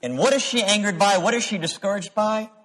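A male pastor delivering a sermon, measured and earnest. His voice is somewhat husky and a bit high for a man. Long reverb from a church sanctuary trails every phrase. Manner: measured, solemn reading, then animated storytelling. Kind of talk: sermon with scripture reading and storytelling.

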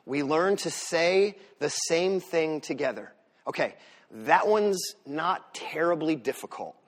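Animated male pastor preaching. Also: fairly high pitch, slow. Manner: animated preaching, rises loud for emphasis then drops soft. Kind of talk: sermon.

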